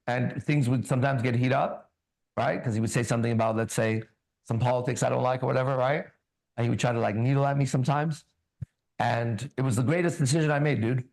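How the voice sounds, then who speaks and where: A man hosting a ministry talk, telling a personal story in a loose, casual way and reading scripture slowly. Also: medium pitch, gravelly, a little mellow. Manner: casual, tags lines with "right?" and "bro", laughs often; reads scripture slowly and deliberately. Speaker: ministry host.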